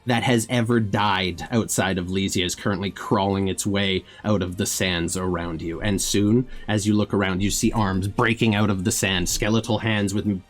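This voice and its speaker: Deep-voiced man narrating as game master. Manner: vivid scene narration with frequent uh fillers.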